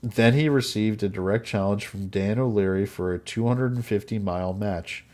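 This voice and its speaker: Low-voiced man telling a story, joking. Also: moderate pace, a little mellow. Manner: laughs often, jokey asides. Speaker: podcast host. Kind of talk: casual storytelling chat.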